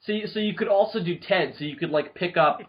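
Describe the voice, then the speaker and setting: A young man co-hosting a podcast, chatting casually, excitable and quick to laugh. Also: sits high. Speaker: podcast co-host. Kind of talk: casual chat. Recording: dull lo-fi recording.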